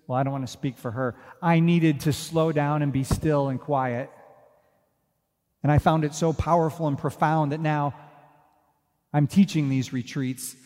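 A man preaches in a church, his fairly high voice carrying with a long hall reverb behind it. He moves between soft, hushed asides and earnest, emphatic declarations. The tone is that of a pastor speaking to his congregation. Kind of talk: sermon. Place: church sanctuary.

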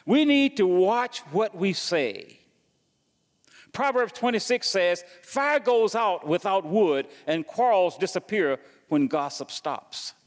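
A pastor preaching in a church sanctuary, his voice pitched a touch high. He stumbles and repeats himself while asking the congregation questions. A long echo from the hall trails his words. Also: animated, slow pace. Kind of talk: sermon.

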